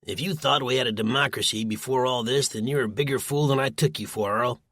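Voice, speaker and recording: A man voicing a gruff, loud older male prepper who rants and shouts in an audiobook, recorded dry and close. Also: medium pitch, a little fast, dry recording, close to an everyday voice. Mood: ranting. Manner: blustering, shouting.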